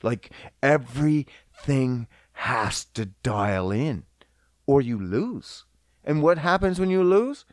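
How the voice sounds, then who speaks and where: A man hosting a podcast, delivering a casual comedic rant full of profanity in an animated, mocking way. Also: medium pitch, takes it slowly, no echo, clean studio sound. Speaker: podcast host.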